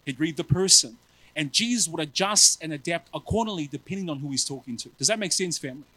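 A male preacher giving a sermon in an animated, self-mocking way, often calling his listeners family. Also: fairly high pitch, fast, no echo, low-quality recording.

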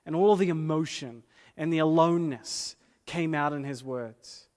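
A man preaching a sermon as pastor, earnest and emphatic, repeating key phrases slowly for weight. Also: fairly high pitch, darkish tone. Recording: long hall reverb.

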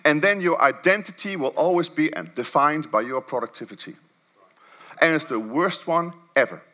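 A man preaching a sermon to a church congregation, swinging from low murmurs to high, emphatic bursts. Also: normal speed, sharp tone.

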